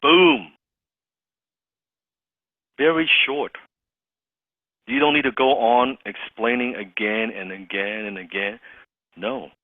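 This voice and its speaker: A man's voice: fairly low pitch, steady tone, unhurried, pauses often, dry recording. A man coaching a sales team, emphatic and repeating his key points for the group. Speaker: sales trainer. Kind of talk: interactive sales coaching session. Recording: tinny phone-like call audio.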